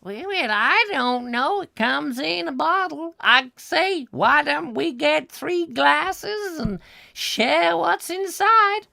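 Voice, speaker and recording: A woman's voice: sits high, animated, takes it slowly, sharp tone, no room sound, clean studio sound, exaggerated voice. A woman voicing a chatty, rambling mother in a comic sketch, wandering off into long asides. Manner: rambling, self-mocking, gravelly.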